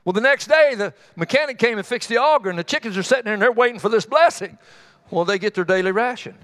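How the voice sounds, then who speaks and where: High-voiced folksy male preacher. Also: lively intonation, fairly bright tone. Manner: folksy, conversational preaching with repeated "come on"; tells homespun stories with quick asides to the congregation. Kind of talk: sermon.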